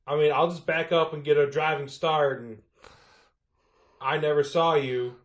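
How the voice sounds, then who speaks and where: Weary snowplow driver, flat and reasonable with a menacing edge, put on by a man. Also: on the high side, a little slow, muffled recording, voice pushed up, natural voice. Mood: exasperated. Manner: flat, reasonable, quietly threatening.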